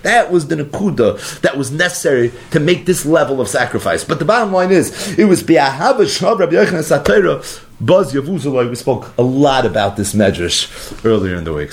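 A man giving a Torah lecture, an animated storyteller who acts out the dialogue. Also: on the high side, creaky. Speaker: Torah teacher.

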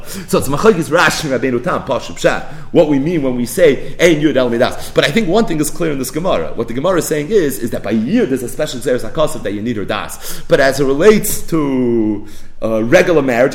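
A man teaching a Talmud lesson, chanting quoted texts in a singsong and building to near-shouts. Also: a little high. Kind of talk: yeshiva-style Talmud lecture.

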